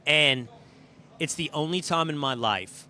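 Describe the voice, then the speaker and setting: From a live event's green room, a middle-aged show host casually shares backstage stories and previews what's coming, leaning hard on key words with animated emphasis. His voice runs a bit high, bright and forceful, at a measured pace with slight background noise.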